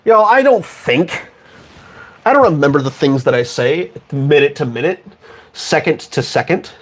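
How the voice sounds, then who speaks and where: A man's voice: on the high side, expressive, unhurried, slight background noise. A young man chatting casually on a stream, joking and self-mocking as he rambles on. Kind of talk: casual live-stream chat.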